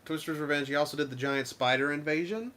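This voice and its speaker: A man co-hosting a casual game review chat, rambling and animated, with frequent restarts. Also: a little high, fast, slight background noise. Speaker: co-host of a game review show.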